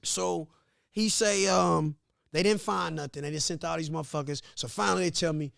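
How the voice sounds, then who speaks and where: A man from Missouri, a podcast guest, telling a story in a casual, animated, profane way and acting out what others said. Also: fairly high pitch, moderate pace, vocal fry, no room sound, studio quality. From Grandview, Missouri. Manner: animated, profane, laughs often, acts out quotes.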